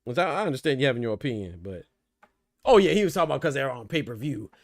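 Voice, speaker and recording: A man's voice: medium pitch, very animated, quick pace, dry recording, clean studio sound. Slangy male boxing podcast host. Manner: loose slangy talk, laughs hard at jokes. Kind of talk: casual live commentary.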